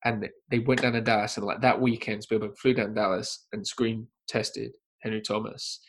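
A man in casual podcast chat, telling a film anecdote with lively energy and acting out quoted lines. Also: moderate pace. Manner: animated storyteller, acts out quotes in high voices. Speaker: podcast panelist.

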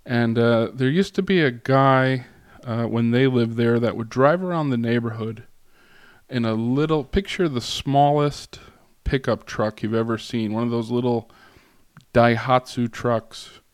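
A man speaking as a guest lecturer to a class, in a relaxed way with many fillers, pauses and restarts. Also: mid-range voice, clean tone, dry recording, studio quality. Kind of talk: casual classroom talk.

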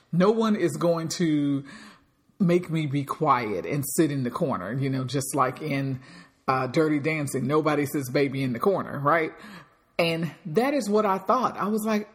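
A woman hosting a motivational podcast, talking in an emphatic, projecting way. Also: low-pitched. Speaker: podcast host.

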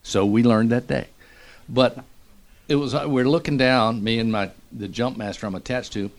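A middle-aged man, a radio morning show host, telling a story in a lively, animated way. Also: mid-range voice, moderate pace. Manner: animated storyteller, acts out quotes. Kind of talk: casual storytelling.

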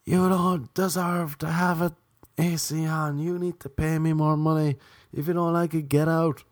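A man putting on the voice of a bossy, snobbish female flatmate who is easily angered and demands things in shrill outbursts. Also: moderate pace, dry recording, studio quality, close to an everyday voice. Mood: screaming.

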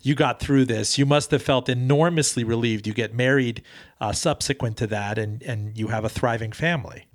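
A man's voice: mid-range voice, normal speed. A man interviewing a guest, asking long, winding questions with fillers.

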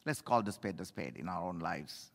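A middle-aged male pastor preaching a sermon, emphatic, swinging between loud appeals and low asides, in a church. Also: lively intonation, normal speed, creaky. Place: church sanctuary. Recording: echoey hall reverb.

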